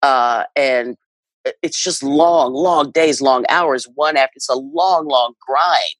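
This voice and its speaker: A woman's voice: rumbling low, slow pace, no echo, rough recording. A middle-aged woman who works as a ballpark announcer, chatting as a guest and telling stories with lots of laughter and repeated words for emphasis. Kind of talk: casual interview chat.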